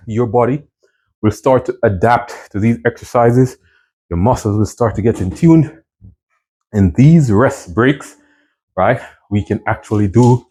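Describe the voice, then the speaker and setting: Husky-voiced male fitness coach counting reps. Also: mid-range voice, darkish tone, poor audio. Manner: counts reps aloud, encouraging, repeats "right?" and "okay?". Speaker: fitness instructor. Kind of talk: workout coaching while exercising.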